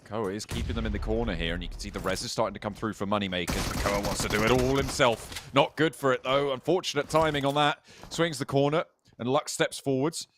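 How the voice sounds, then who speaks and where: A man doing live play-by-play commentary on an esports match, brisk and jokey. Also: mid-range voice, noisy background. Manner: brisk, jokey, building excitement on big plays. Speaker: esports caster.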